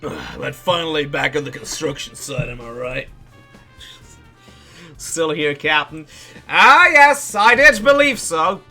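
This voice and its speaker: A man's voice: a little high, very animated, measured pace, creaky, pauses often, sharp tone, soft background music, pitched below the performer's own voice, exaggerated voice. A man putting on an Australian accent to voice a jovial outback bloke during game commentary. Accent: put-on Australian.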